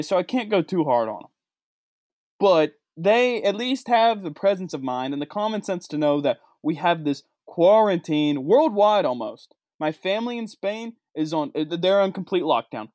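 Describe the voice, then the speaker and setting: A man delivering a sarcastic comedic rant, swinging between low mutters and high outbursts. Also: sing-song, normal speed, darkish tone, no room sound, studio quality. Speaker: comedic vlogger.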